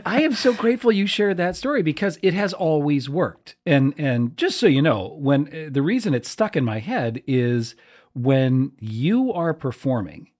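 A man's voice: a little high, big pitch swings, moderate pace, a little mellow. A man hosting a casual interview, reacting with short encouraging remarks and thanking his guest. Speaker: host.

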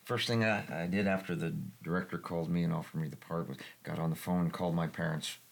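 A man from New England who acts in community theater, talking in a reflective, halting way with frequent restarts in a casual panel discussion. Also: fairly even intonation. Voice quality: gravelly, husky low voice.

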